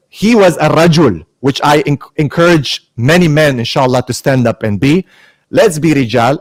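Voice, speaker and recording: A man's voice: on the high side, animated, fairly quick, no room sound. A man arguing his side in a heated online debate, pointedly mixing Arabic religious terms into his speech.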